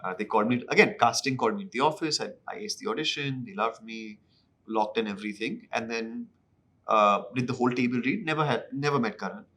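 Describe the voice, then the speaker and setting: A man, an actor telling anecdotes in an interview in an animated, self-deprecating way. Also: medium pitch, fast talker. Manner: animated, acts out dialogue in other voices; self-deprecating, mixes in Hindi phrases. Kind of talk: anecdotal storytelling.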